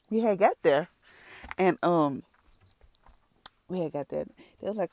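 Tearful woman, warm. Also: fairly low pitch, expressive, unhurried, pauses often, no room sound. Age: adult with three children. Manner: rambling, repeats herself, speaks to listeners as y'all. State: tearful at times. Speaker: person giving a testimony. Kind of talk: emotional personal testimony.

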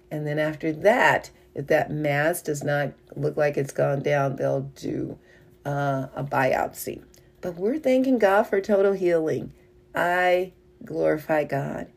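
An older woman, a mother and wife, telling a personal testimony story, animated and laughing as she goes. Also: low-pitched, gravelly. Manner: animated, rising when excited, laughs while telling.

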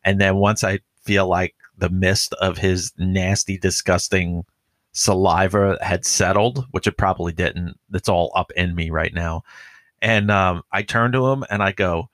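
Profane, rambling police officer, low voice. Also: male voice, fairly even intonation, measured pace, a bit bright, no echo. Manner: rambling, profane, heavy use of filler "like". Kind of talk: casual podcast chat.

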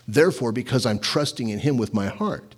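A middle-aged pastor preaching in a lively, conversational way, asking his listeners rhetorical questions. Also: medium pitch, brisk, breathy edge. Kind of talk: sermon.

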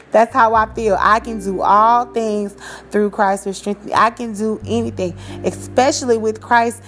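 A woman's voice: a little high, unhurried, fairly bright tone, slight background noise. A woman in her thirties hosting a podcast, talking in an encouraging, preachy way with casual slang. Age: 30s. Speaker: podcast host. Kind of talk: motivational podcast monologue.

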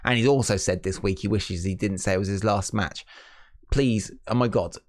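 A British man co-hosting a wrestling podcast, animated and sarcastic, exclaiming loudly. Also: on the low side, moderate pace. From Britain. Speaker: co-host. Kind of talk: casual chat.

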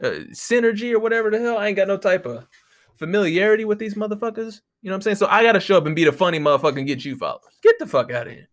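A man's voice: high voice, rapid-fire. A man hosting a podcast, ranting casually in a profane, exasperated way, close to the microphone. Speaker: podcast host.

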